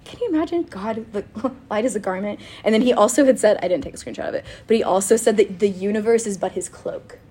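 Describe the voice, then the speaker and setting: A woman chatting casually about faith and telling a personal story, animated and quick to laugh, with lots of "like". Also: mid-range voice, slight background noise. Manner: animated and giggly, with frequent laughter and filler "like".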